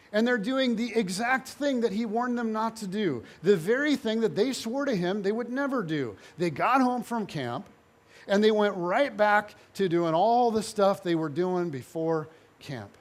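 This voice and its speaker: Male pastor, higher-pitched voice, animated storyteller preaching to a congregation. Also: a little slow. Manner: animated storytelling, voicing biblical figures in dialogue. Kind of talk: sermon.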